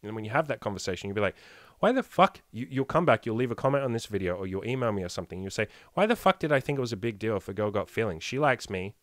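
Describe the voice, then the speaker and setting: Thirties male dating coach, low-pitched, dry close sound, blunt and swearing, podcast chat. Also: expressive, rapid-fire, few pauses, no echo. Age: 30s. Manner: blunt and profane; emphatic, rhetorical questions.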